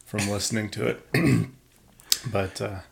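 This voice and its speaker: A man's voice: fairly low pitch, measured pace, creaky. A man co-hosting a podcast, telling stories in an easygoing casual chat and laughing often. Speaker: podcast co-host.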